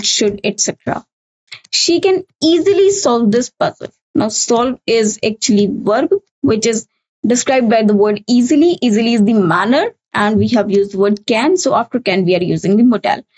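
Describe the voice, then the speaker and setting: In a recorded exam-prep lesson, a woman with an Indian English accent walks through English grammar one step at a time, going back over key points and saying "okay" a lot. The audio is poor, and her slightly mellow voice sits on the high side.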